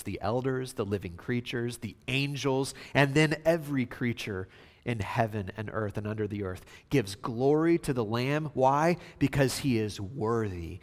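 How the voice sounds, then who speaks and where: A man preaching a sermon, swinging between hushed, slow passages and loud, emphatic outbursts. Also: mid-range voice, big-room sound. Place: church sanctuary.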